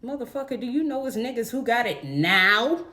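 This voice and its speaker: A woman's voice: a little high, animated, normal speed, bright, forceful tone. Blunt, profane woman ranting. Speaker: vlogger. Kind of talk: casual storytime rant.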